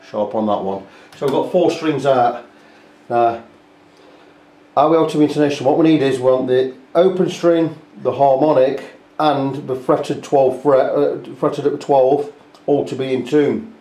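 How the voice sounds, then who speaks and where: A man talks through a guitar repair, explaining each step casually as he works. His voice sits at an ordinary middle pitch, picked up by the camera mic in an echoey workshop room. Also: steady tone, measured pace, dark tone. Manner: chatty, explains step by step, talks while working. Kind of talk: hands-on repair walkthrough.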